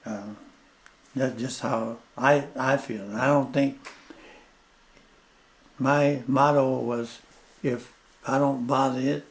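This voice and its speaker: An older man, a plainspoken interview guest telling stories slowly and repeating his points. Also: medium pitch, steady tone, gravelly. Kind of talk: storytelling in casual conversation.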